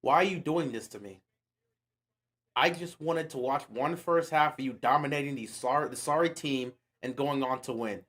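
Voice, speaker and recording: During a live game watch-along, a livestream host calls a football game play by play and rants at it in slangy, exasperated bursts. He speaks at a moderate pace in a mid-range voice with a fairly bright tone.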